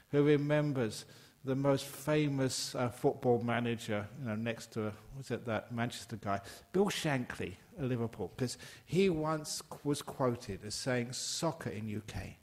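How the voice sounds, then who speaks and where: An older man, a Buddhist monk from England, giving a conversational and humorous dharma talk, emphatic with sudden rises in pitch. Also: a little mellow. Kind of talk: dharma talk to a live audience.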